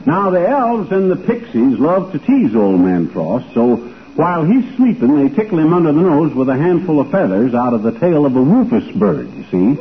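A blustering small-town husband with a folksy way of spinning tall tales. His voice is a touch high and leaps all over the place. It is a tinny old radio recording with faint hiss. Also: sing-song, normal speed. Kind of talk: 1940s radio comedy acting.

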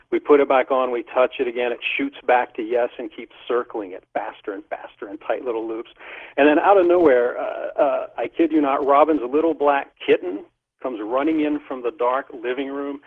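A middle-aged man animatedly telling a story, often laughing as he talks, as an interview guest. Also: mid-range voice. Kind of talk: casual storytelling. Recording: tinny phone line.

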